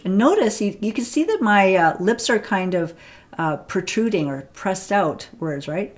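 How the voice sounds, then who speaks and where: A woman's voice: fairly low pitch, lively intonation, moderate pace. A woman teaching pronunciation on camera, explaining sounds and demonstrating them, often checking with "right?".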